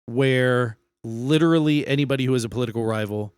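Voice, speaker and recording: A man's voice: medium pitch, fairly quick, clean tone, no room sound. A man co-hosting a podcast, casually explaining history and swearing a lot. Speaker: podcast co-host.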